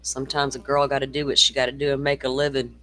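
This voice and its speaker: A man's voice: mid-range voice, completely flat delivery, fast, sharp tone. A middle-aged man hosting a casual true-crime livestream, swearing freely and reading viewer comments aloud. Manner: profane, ranting, reads viewer comments aloud.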